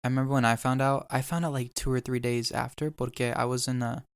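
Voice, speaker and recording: A man's voice: medium pitch, flat delivery, quick pace, clean tone, dry recording. A young man hosting a podcast, telling an emotional story in casual chat and swearing now and then. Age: young adult. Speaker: podcast host.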